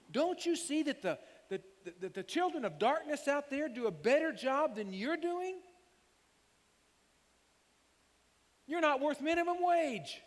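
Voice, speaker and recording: A man in a sermon putting on a furious male teacher who shouts and scolds his followers in a high, strained voice. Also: heavily acted. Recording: long hall reverb, faint hiss.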